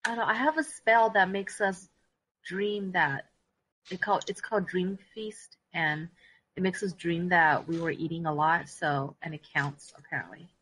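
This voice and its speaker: Low-voiced woman explaining casually. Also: steady tone, normal speed, a bit bright, husky, poor audio. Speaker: player. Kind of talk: playing a tabletop game, casual chat.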